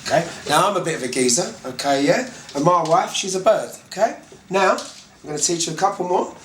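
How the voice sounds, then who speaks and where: A Cockney London man teaches slang in a relaxed, chatty lesson, stretching out key words and checking in after nearly every line. His voice sits a touch high. The sound is roomy and echoey, with a faint hum of ambience behind him. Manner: chatty, repeats "okay" often, slow deliberate words. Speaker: English teacher.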